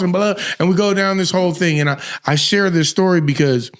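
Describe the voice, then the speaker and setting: A man hosting a podcast, telling a story in casual chat, animated and laughing, with slang and swearing. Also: high voice, brisk, hardly any pauses, smooth. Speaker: podcast host.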